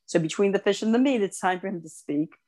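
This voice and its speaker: An older woman co-hosting a podcast, telling long personal stories in casual chat, animated and quick to gush. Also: mid-range voice. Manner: animated storyteller, gushing over cute animals. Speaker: podcast co-host.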